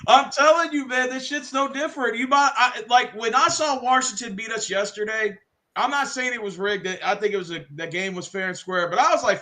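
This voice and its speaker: A man hosting a casual sports chat, profane and excitable, slipping into mock wrestling voices. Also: extremely high pitch, a little fast. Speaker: podcast host.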